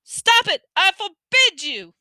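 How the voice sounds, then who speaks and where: Woman doing a shrill blustering uncle. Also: very animated, slow pace, pushed and bright, no echo, full character voice. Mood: panicked. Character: blustering, panicky middle-aged uncle.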